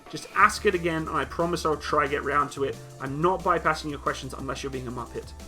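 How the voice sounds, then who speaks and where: Answering chat questions on his live stream, a young man from Britain is blunt and somewhat teasing as he reads comments out. His voice is a little high and sounds pushed and bright.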